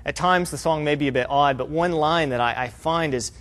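An earnest man delivering a sermon. He talks through the text in a steady teaching tone and presses his points with rhetorical questions. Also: on the high side, fairly quick. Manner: emphatic, asks rhetorical questions. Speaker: preacher.

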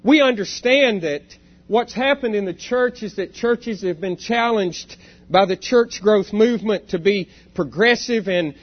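An earnest preacher with a high-set voice, working through his points reflectively and putting rhetorical questions to the congregation. The man's sermon comes through on a dull, lo-fi recording. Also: a little slow. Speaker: church elder preaching.

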